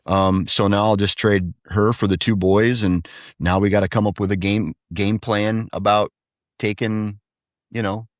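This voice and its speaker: Man, thirties, deep voice, dry sound, casual rambling, animated when quoting kids. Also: a little slow, no room sound. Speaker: podcast guest, hunter and father. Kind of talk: casual storytelling chat.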